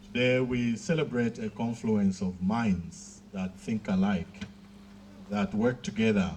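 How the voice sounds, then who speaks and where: A man with a fairly low voice delivers a formal ceremonial address at a graduation, unhurried and pausing often between phrases. Faint background noise sits under the speech. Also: darkish tone. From Southern Africa. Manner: measured, pausing often with fillers. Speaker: Jesuit provincial giving a graduation speech.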